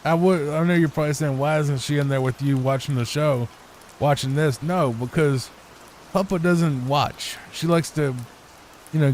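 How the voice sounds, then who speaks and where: He's a gaming YouTuber whose voice sits a little high with a mellow quality. He rambles through unscripted sleep-time gameplay commentary and keeps repeating himself, talking into a home computer desk mic with some faint background noise.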